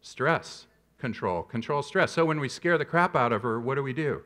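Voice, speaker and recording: A man in his fifties delivers a conference keynote as a public health professor. He tells stories with animated energy and self-deprecating humor. His voice sits in a middling register. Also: mid-range voice, normal speed.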